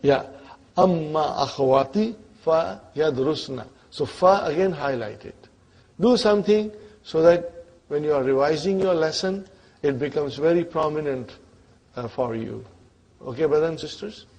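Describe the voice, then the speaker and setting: A man's voice: on the high side, a little mellow. A man teaching an Arabic grammar lesson, quizzing his students and checking often whether they are following along. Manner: patient, repeats terms slowly.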